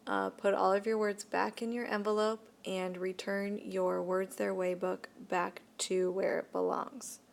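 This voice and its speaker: A woman teacher giving a recorded lesson to young students, talking slowly and carefully and repeating each word. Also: medium pitch, flat delivery, creaky. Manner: slow, deliberate, repeats words for young students. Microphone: tablet microphone.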